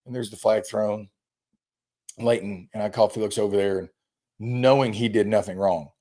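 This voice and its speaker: A man with a low, mellow voice talks casually as a high school football coach. He rambles through stories and acts out the quotes of players. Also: steady tone, moderate pace. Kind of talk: casual chat.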